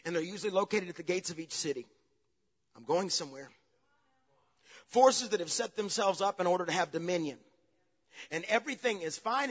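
A man preaching a sermon as pastor, swinging between loud, animated passages and low, quiet asides. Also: brisk, pauses often. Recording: dull, long reverb of a large hall.

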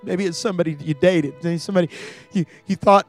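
Male preacher with a high voice and dramatic storytelling, soft music underneath. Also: steady tone, fast talker. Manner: dramatic storytelling, builds to loud peaks. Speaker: campus ministry preacher. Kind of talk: sermon. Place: church.

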